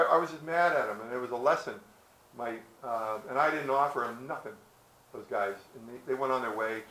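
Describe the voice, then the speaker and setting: A man tells a story to a small audience, slipping into the voices of his characters. His pitch sits in the middle. The sound is roomy, with faint outdoor ambience behind him. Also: sharp tone, a little hiss or hum. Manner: storytelling, folksy, acts out characters with hesitations. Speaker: presenter. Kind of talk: outdoor history talk to visitors. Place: outdoors at a historic site.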